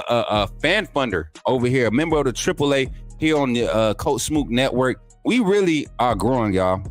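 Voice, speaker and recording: A male host talks in a loose, hyped way, full of slang and repetition. His voice sits in a middle pitch. Faint music plays underneath. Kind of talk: casual live-stream talk.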